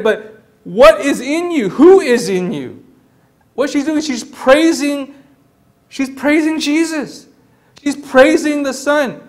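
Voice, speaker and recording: A pastor with an extremely high-pitched voice preaches a sermon in an animated, conversational style. He frequently repeats words and acts out the voices of the people he describes.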